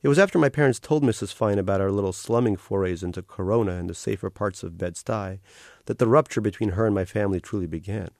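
Author reading his fiction: wry, deadpan male narrator, very dry close sound. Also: lowish voice, fast, no room sound. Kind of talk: literary reading.

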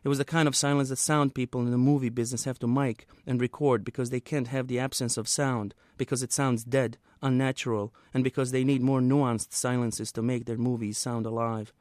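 Man, author reading his novel, measured pace, everyday pitch, dry close sound. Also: level tone, a little mellow, no room sound.

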